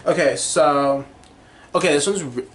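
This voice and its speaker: A man's voice: fairly high pitch, unhurried, a little hiss or hum. A young man hosting a podcast, rambling through a casual monologue full of tangents, fillers and giggles. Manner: tangent-prone, giggly, animated, lots of fillers. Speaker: podcast host.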